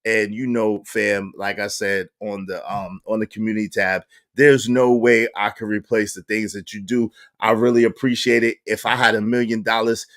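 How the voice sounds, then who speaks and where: A man hosting a livestream, chatting casually and shouting out viewers by name in lively slang. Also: lowish voice. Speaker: livestream host.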